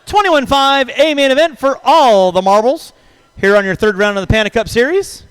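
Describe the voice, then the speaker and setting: A man calling a hobby race over the track speakers, brisk and jokey, reeling off driver names in quick runs. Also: extremely high pitch, lively intonation, clean tone, dry recording, poor audio. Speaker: race announcer. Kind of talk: live race commentary.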